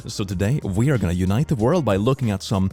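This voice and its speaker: A man's voice: on the low side, expressive, fast talker, warm tone. A man from Sweden with a Swedish accent, hosting in a playful, goofy, casual comedic commentary style. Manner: playful, goofy, jumps into silly voices. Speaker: host.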